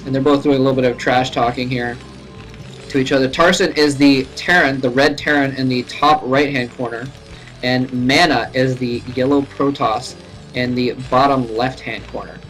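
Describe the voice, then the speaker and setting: A man's voice: medium pitch, moderate pace, soft background music, rough recording. Chatty man casting a game from home. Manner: casual, chatty, laughs often, rises sharply when excited. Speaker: esports caster. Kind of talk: live game commentary. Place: home room.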